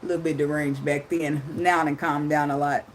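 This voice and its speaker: A woman's voice: low-pitched, flat delivery, brisk, a little hiss or hum. A woman tarot reader talking casually in a blunt, profane way, laughing often. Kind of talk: casual unscripted monologue.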